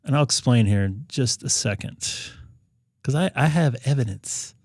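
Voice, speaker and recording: A man's voice: medium pitch, lively intonation, normal speed, a little mellow, dry recording. Man chatting on a live stream, dry sound. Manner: conversational, rambling with frequent fillers and restarts. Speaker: ham radio live-stream host. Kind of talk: casual live-stream talk.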